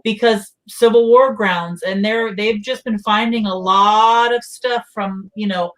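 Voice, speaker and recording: A woman from South Carolina chatting casually on a live stream, friendly and quick to laugh, telling small stories. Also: medium pitch, fairly even intonation. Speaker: guest.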